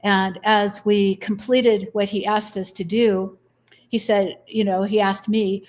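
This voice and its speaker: A woman's voice: mid-range voice, steady tone, moderate pace, darkish tone. A middle-aged woman as an interview guest, telling personal stories earnestly and acting out the dialogue. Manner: earnest, acts out quoted dialogue. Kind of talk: interview storytelling.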